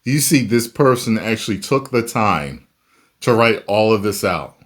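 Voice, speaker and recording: A man's voice: fairly low pitch, lively intonation, normal speed. A man hosting a reaction video, ranting emphatically about the comments and laughing often. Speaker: YouTube reaction host.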